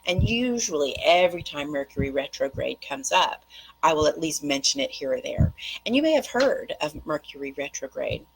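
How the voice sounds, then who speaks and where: A middle-aged woman hosting a casual monologue for her viewers, chatty and rambling, jumping between tangents and talking fast. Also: low-pitched, sing-song, a little hiss or hum, low-quality recording. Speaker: host.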